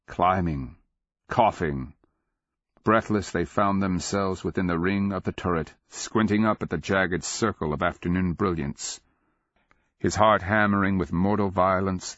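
A man reading a fantasy audiobook in a measured, grave storytelling manner that swells during battle scenes. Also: low-pitched, a bit bright, no echo, highs cut off. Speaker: audiobook narrator. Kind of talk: dramatic fantasy audiobook narration.

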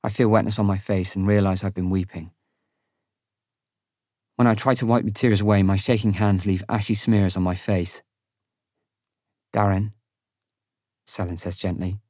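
A man narrating a fantasy audiobook in the first person, with a measured, sombre reading on a close studio mic. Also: fairly low pitch, fairly even intonation, dark tone, no echo.

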